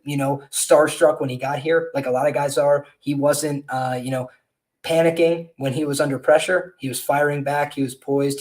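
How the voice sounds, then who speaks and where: A man's voice: medium pitch, a little mellow. A man hosting a podcast, giving casual, rambling betting analysis of upcoming fights with frequent fillers and restarts. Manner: conversational, many fillers and restarts. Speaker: podcast host and fight handicapper.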